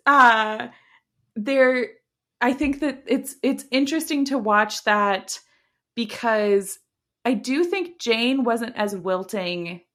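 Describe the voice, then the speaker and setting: A woman's voice: on the high side, takes it slowly, fairly bright tone. A woman co-hosting a podcast in casual chat, talking with many fillers and restarts and laughing often. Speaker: podcast co-host.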